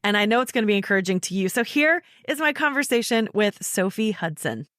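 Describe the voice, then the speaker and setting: A woman's voice: medium pitch, expressive. A woman with a Southern American accent, hosting a kids' podcast and interviewing a guest in an upbeat, encouraging way. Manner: upbeat, encouraging, quick to laugh. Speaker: podcast host.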